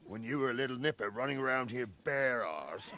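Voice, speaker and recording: A man's voice: mid-range voice, animated, a little fast, a crowd in the background, lightly acted. An actor playing an older male captain with a dry, teasing manner.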